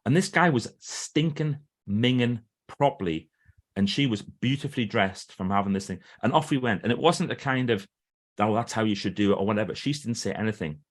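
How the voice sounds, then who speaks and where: A man's voice: lowish voice, fairly quick. A middle-aged man, a guest author and trainer, telling stories in a podcast interview and acting out what others said. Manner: animated storyteller who acts out quoted speech.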